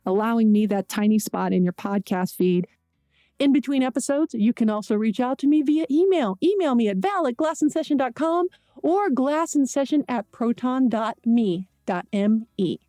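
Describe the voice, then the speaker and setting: A woman's voice: medium pitch, mellow, no echo, studio quality. A woman from Pittsburgh hosting a solo podcast, talking in a chatty, conversational way with jokey asides. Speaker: podcast host.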